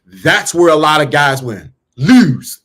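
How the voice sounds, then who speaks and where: A man with an animated, fairly bright voice on the high side delivers a motivational talk at a moderate pace, focused on mindset and dating. He's emphatic and repetitive in a preaching way, speaks with casual slang, and pushes questions at the listener.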